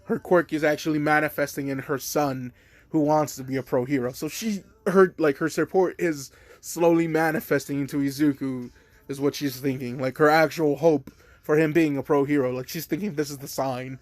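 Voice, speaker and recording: A man's voice: fairly high pitch, steady tone, normal speed, no room sound. Rambling casual male fan storyteller. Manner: rambling, heavy on fillers.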